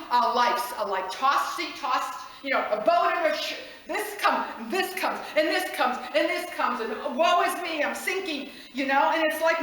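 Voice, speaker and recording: A woman preaching a passionate sermon, rising at times to shouts and breaking into laughs. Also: high voice, very echoey, low-quality recording.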